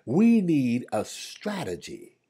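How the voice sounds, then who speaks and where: A man preaching a Bible study online, his voice a little husky and pitched on the higher side. His delivery jumps wildly up and down in pitch. He repeats key phrases and calls his viewers by name. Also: very animated, takes it slowly. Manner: swings from loud cries to hushed murmurs, repeats phrases. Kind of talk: livestreamed sermon.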